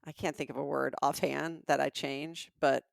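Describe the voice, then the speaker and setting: A woman's voice: rumbling low, little pitch movement, moderate pace, creaky, no room sound, studio quality. A woman in her fifties from the American South, co-hosting a podcast in a casual, chatty way with a Southern accent and frequent laughter. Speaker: podcast co-host. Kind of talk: casual chat.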